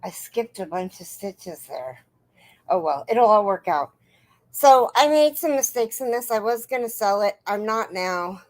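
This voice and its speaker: A woman's voice: mid-range voice, expressive, unhurried. A woman hosting a crochet livestream, chatting casually and greeting viewers by name in a sing-song lift. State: out of breath.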